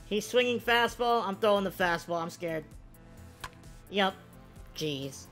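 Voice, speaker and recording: A woman giving casual commentary on her own video game play, swinging from low-key play-by-play to loud, excited yelps. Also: a little slow, soft background music. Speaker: gaming video creator.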